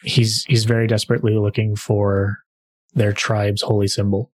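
Here a podcast host doubles as game master, speaking at normal speed in a lowish, darkish voice with a level tone. He's easygoing and leans on filler sounds throughout his casual chat and tabletop game narration.

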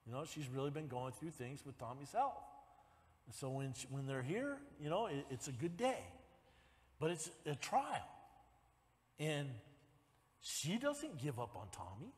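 A man preaching a sermon in a church, folksy, dropping "amen?" asides and building up to shouts. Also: on the high side, sing-song, measured pace, long pauses, in a large hall. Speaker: pastor. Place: church sanctuary.

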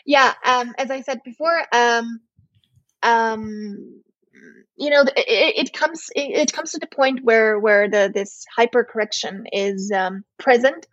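A woman's voice: a little high, a little slow, a bit bright, dry recording, muffled recording. A young woman from southern Serbia with a Serbian accent, a native Serbian speaker, talking as a podcast guest in a hesitant way with many fillers and restarts. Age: young adult. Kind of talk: casual chat.

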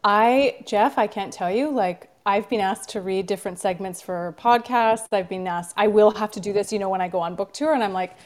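A woman's voice: mid-range voice, fairly quick, few pauses. A woman author being interviewed, talking in a reflective, chatty way with lots of fillers. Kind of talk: casual interview talk.

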